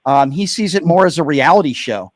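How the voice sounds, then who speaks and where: Male talk radio host, quick and pushy with callers, dry close studio mic. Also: on the high side, lively intonation, no room sound. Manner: presses callers, interrupts to slow them down. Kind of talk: live call-in radio talk.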